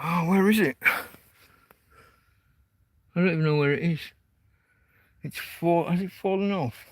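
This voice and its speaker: Hosting a laid-back nighttime stream from a tent in a field, a man grumbles at his dog with plenty of swearing. His voice is a touch high and unhurried, with no room sound at all.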